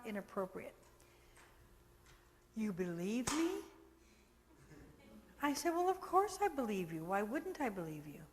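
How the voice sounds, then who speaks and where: An older woman speaks as a foster care trainer, earnest and warm in her counsel. She acts out conversations as she tells her stories. Her voice carries a long reverb, as if in a large room. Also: medium pitch. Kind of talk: training video talk with stories.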